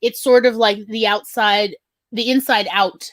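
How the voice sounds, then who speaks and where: A woman's voice: mid-range voice, steady tone, unhurried, a bit bright, dry recording. A woman co-hosting a podcast, chatting casually and rambling with lots of fillers. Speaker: podcast co-host. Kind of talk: casual chat.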